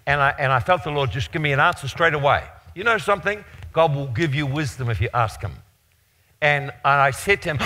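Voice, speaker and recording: An older man preaching, telling a personal story in an animated, rambling way. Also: fairly high pitch, brisk. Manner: animated anecdotal storytelling with restarts. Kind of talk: storytelling sermon.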